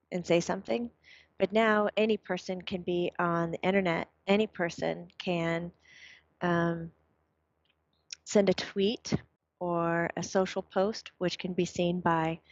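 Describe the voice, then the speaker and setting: A woman talking casually, passing on her son's words in a chatty, animated way with plenty of fillers. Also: fairly low pitch, no echo. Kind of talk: casual chat. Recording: dull, dry, lo-fi sound.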